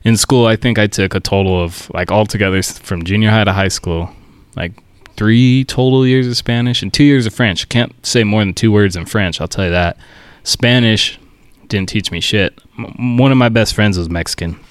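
A man's voice: fairly low pitch, normal speed, clean tone, no echo. A man, a trucker guest on a podcast, telling crude work stories casually and laughing often. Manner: profane storyteller, laughs often. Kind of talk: casual chat.

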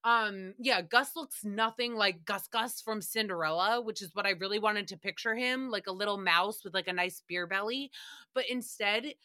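A woman's voice: medium pitch, normal speed, bright, forceful tone. A woman hosting a podcast, recapping a show in casual, sarcastic chat and swearing freely. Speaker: podcast host.

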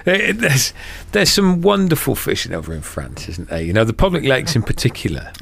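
A man's voice: mid-range voice, huge pitch swings, brisk, gravelly, fairly bright tone, breathy edge. A man hosting a podcast, asking a guest short questions and agreeing with him. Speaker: podcast host. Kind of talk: casual interview chat.

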